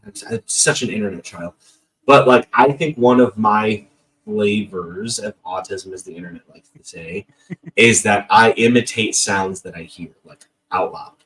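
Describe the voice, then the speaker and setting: A man's voice: fairly low pitch, measured pace, fairly bright tone, recorded from a distance, poor audio. A man telling funny stories about himself on a podcast, in a jokey, self-deprecating and rambling way. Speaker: podcast guest. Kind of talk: casual storytelling.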